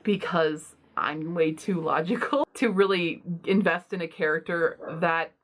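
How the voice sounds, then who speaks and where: A woman's voice: on the low side, measured pace. A woman book vlogger talking casually and bluntly, with self-deprecating asides. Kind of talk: casual book unhaul vlog.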